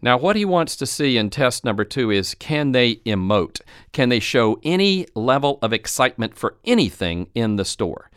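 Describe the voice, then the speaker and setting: A man with a smooth, resonant voice gives a coaching talk, recorded dry and close. He tells anecdotes and plays out the lines of the people in them. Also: mid-range voice, very animated, normal speed, fairly bright tone, no room sound. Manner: retells anecdotes and acts out quoted speech. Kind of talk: instructional storytelling talk.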